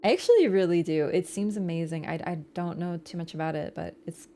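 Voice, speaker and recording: A woman's voice: fairly low pitch, brisk, mellow, a little hiss or hum. A young woman game streamer wrapping up her livestream in a rambling, chatty way, with casual swearing. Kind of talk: casual livestream sign-off chat.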